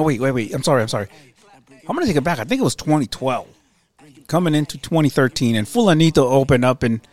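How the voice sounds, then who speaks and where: Laid-back slangy man from San Jose. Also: medium pitch. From San Jose, California. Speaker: radio show co-host and DJ. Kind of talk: casual chat.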